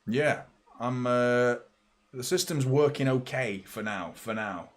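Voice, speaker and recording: A man hosting a live football watchalong, chatting casually and reacting excitably, swearing freely. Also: mid-range voice, slow pace. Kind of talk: live match commentary and casual chat.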